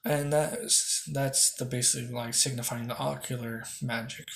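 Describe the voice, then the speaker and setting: A man's voice: medium pitch, fairly even intonation, a little slow, vocal fry, fairly bright tone, slight background noise. A young man improvising a fan story, rambling with lots of fillers and restarts on a close mic.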